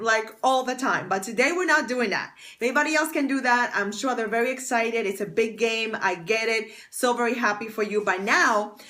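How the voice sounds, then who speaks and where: Fairly high in pitch with a sharp edge, a woman streams live from her phone using an external mic. As a fashion stylist and confidence coach, she keeps the mood casual, chatty and bubbly, thanking viewers one by one by name.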